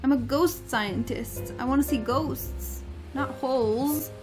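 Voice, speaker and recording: A woman's voice: high-pitched, slow pace, pitched above the performer's own voice. Casting: earnest, glum ghost scientist, game dialogue read aloud by a woman, light voice, faint music behind. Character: earnest mopey ghost scientist creature, young.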